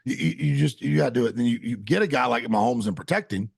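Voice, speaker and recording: A man's voice: medium pitch, animated, quick pace, creaky, breathy edge, no room sound, studio quality. A man in his forties co-hosting a podcast, chatting bluntly and teasingly about football. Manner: blunt, teasing, trails off and restarts. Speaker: podcast co-host. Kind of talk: casual sports chat.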